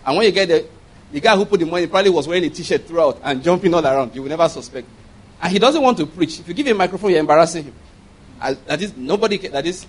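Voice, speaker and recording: A man preaching a sermon in an animated way, often laughing and acting out little dialogues. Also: a little high, breathy edge.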